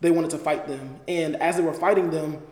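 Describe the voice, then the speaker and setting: A young man with a fairly high, mellow voice talks earnestly as a podcast guest, filling his sentences with "uh" and "like." He is recorded in a roomy space with a long reverb tail. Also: fairly even intonation, fairly quick. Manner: earnest, explanatory, with frequent fillers. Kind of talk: casual discussion.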